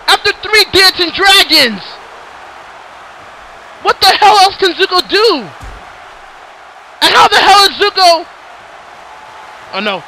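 A man doing play-by-play commentary for a wrestling match, shouting and swearing in excitement. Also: very high-pitched, takes it slowly, creaky, pauses often, slight background noise, poor audio.

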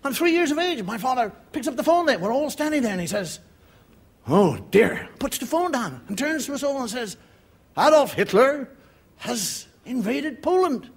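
A man's voice: very high voice, expressive, fast talker, hardly any pauses. A man with an Irish accent doing a stand-up monologue on television, acting out the voices of the people in his story. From Ireland. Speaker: stand-up comedian. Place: television studio with live audience. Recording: audience laughter and noise behind. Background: audience laughter.

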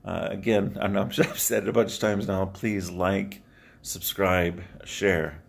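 A man speaking straight to his viewers in an earnest, heartfelt vlog monologue, often pausing with sighs and repeating words as he searches for them. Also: sits low, little pitch movement, gravelly. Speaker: motivational video creator.

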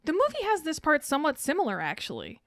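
A woman co-hosting a podcast, reading out a scene summary with a dry, deadpan edge. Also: high-pitched, fast talker, no echo. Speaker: podcast co-host.

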